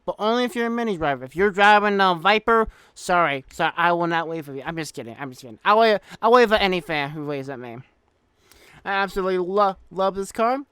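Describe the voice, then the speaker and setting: A man's voice: sits high, clean tone, dry recording. Upbeat American guy host, young, rambling and jokey car-review chatter. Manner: excitable, chatty, jokey, many restarts. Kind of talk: casual car review vlog.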